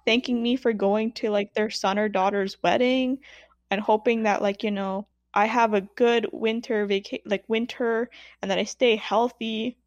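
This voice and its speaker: A woman co-hosting a casual podcast chat, relaxed and wry, swearing casually. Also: on the high side, normal speed, no room sound, muffled recording. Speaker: podcast co-host.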